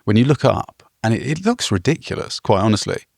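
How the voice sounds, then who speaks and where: A man's voice: on the low side, sing-song, a little fast, creaky, slightly rough, no room sound, studio quality. A man co-hosting a travel podcast, telling a rambling, self-deprecating story with small chuckles. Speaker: podcast co-host.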